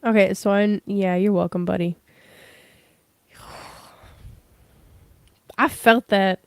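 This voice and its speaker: A woman's voice: medium pitch, steady tone, slow, gravelly, a little mellow. A young woman giving a casual livestream tarot reading, rambling with many fillers. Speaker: tarot reader.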